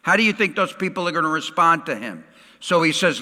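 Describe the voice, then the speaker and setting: A middle-aged male pastor preaching a sermon, swinging dramatically from loud to hushed. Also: a little high, sing-song, a little fast, in a large hall.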